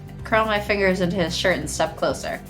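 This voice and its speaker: A woman's voice: fairly low pitch, brisk, over music. A woman host reading a visual novel aloud, adding playful, jokey asides. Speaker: let's play host.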